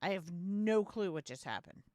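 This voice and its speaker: A woman's voice: fairly low pitch, lively intonation, normal speed, mellow, no room sound, studio quality. A young adult woman streamer chatting casually on a live stream, blunt and profane, often repeating herself. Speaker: game streamer.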